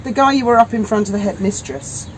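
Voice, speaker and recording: A teasing woman interviewer who laughs often and needles her guest about old stories. Her voice sits at a middle pitch under loud background noise. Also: fast. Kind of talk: casual chat.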